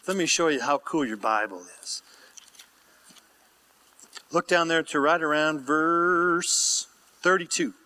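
A man's voice: a little high, slow pace, pauses often, pushed and bright. A man preaching a sermon and reading scripture aloud with asides, prompting the congregation to call out answers. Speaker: pastor.

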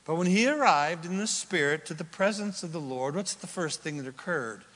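A man preaching a sermon, emphatic, swinging from loud declarations to hushed near-whispers. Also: a little high, expressive, normal speed, a little hiss or hum. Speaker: pastor. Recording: long hall reverb.

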